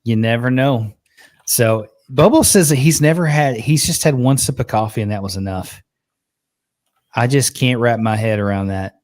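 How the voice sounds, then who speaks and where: Male host, easygoing and chatty, middle pitch, dry close recording. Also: normal speed, darkish tone, no echo. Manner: laid-back, keeps saying "man". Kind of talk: casual chat on a live show.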